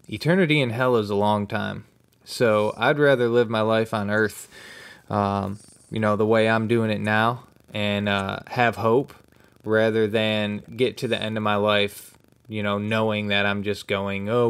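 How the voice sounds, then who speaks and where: A man's voice: fairly low pitch, flat delivery, a little slow, fairly bright tone, clear, resonant tone. A young man hosting a casual podcast conversation, speaking earnestly and plainly about faith. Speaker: podcast host.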